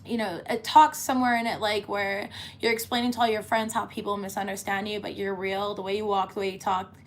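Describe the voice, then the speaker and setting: A woman's voice: mid-range voice, flat delivery, brisk, slight background noise. A woman giving a casual tarot reading, chatty and laughing often, cussing freely as she talks. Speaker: tarot reader.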